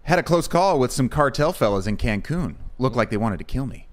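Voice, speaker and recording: A man hosting a comedy podcast, reading comments and adding dry, deadpan quips. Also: medium pitch, brisk. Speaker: podcast host. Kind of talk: casual comedic chat.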